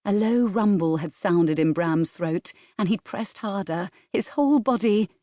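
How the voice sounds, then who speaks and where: A woman narrating a romance novel in a smooth, measured storytelling voice, recorded close in a studio. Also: medium pitch, warm tone, no room sound. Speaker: audiobook narrator. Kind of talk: scripted narration. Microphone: studio microphone, close.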